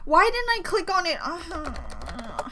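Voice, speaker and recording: Giddy high-voiced woman fan vlogger. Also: huge pitch swings, takes it slowly, sharp tone, a little hiss or hum. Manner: giddy, rambling, squealing and laughing. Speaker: K-pop reaction vlogger. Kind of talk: excited fan reaction chat.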